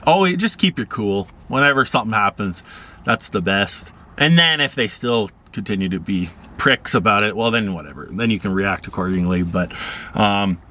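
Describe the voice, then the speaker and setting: Laid-back male vlogger rambling through anecdotes, bright tone. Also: animated, normal speed. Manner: rambling, laid-back, acts out quoted people in higher voices. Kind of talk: casual storytelling.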